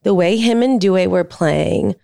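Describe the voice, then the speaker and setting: A woman in her thirties co-hosts a podcast, chatting casually and gushing about her son while using lots of "like" as filler. Her mid-range voice is gravelly and dark, a little slow, with clean studio sound and no room echo.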